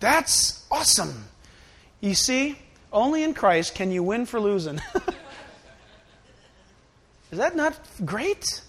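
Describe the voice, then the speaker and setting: A man preaching a sermon in an animated, emotional way. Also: sits high, slow, pauses often.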